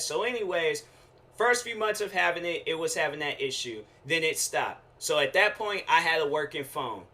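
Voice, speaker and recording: A young man hosting his own show, telling a casual slangy rant with lively quoted asides. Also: on the high side, moderate pace. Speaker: show host.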